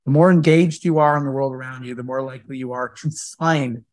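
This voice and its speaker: A man speaking as a guest entrepreneur in a live question-and-answer talk, telling stories in a lively, conversational way. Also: medium pitch, a little fast, dry recording, studio quality. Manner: animated storyteller who acts out dialogue.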